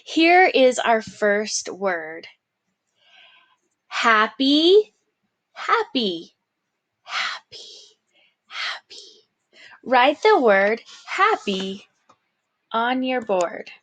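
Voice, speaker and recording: A woman's voice: fairly high pitch, big pitch swings, drawn-out words, fairly bright tone, no echo. A woman teaching a phonics lesson, carefully sounding out words and encouraging the learner, sometimes whispering a word as she repeats it. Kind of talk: slow, clear phonics lesson.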